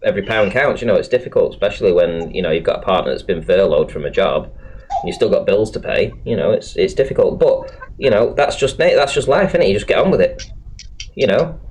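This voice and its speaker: A man's voice: on the low side, animated, a little fast, darkish tone, breathy edge. A man hosting a live stream chat, talking bluntly, swearing freely and laughing often. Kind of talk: casual chat.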